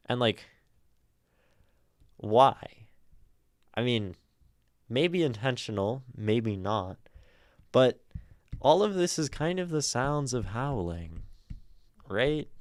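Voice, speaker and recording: Casual male streamer, slow and clear, rambling poetry breakdown on a close, dry mic. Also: low-pitched, no room sound. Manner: relaxed and rambling, with many fillers and sounds voiced aloud. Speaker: streamer reading poetry from chat. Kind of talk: casual analysis of poetry on a livestream.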